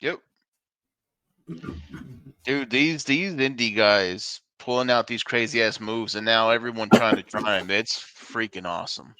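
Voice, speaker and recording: A man's voice: fairly low pitch, unhurried, bright, forceful tone, clean tone. A man hosting a podcast in casual chat, swearing and hyping things up. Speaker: podcast host.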